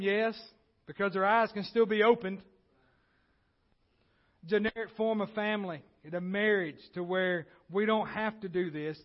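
Man, preacher, sermon, emphatic, high-pitched, muffled livestream. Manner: emphatic, repeats key phrases, swings between loud and quiet asides. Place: church.

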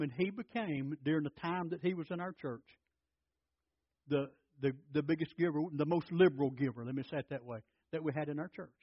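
Pastor, high voice, folksy storytelling sermon, dull dry recording. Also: male voice, slightly rough, no echo. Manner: folksy storytelling preacher, repeats words.

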